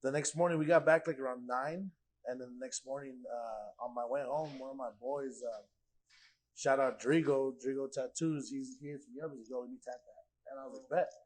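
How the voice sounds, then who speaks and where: A man in the guest chair spins a story in loose, casual talk, slipping into the voices of the people he quotes. He swears freely and leans hard on fillers. His pitch sits at an ordinary middle height. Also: brisk, low-quality recording. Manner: animated, acts out quoted dialogue, swears freely, heavy filler "like". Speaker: podcast guest.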